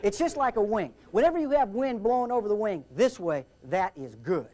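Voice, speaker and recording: A man giving a humorous aviation safety talk, telling anecdotes in an animated, theatrical way with jokes. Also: sits high, brisk. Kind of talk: humorous storytelling seminar talk.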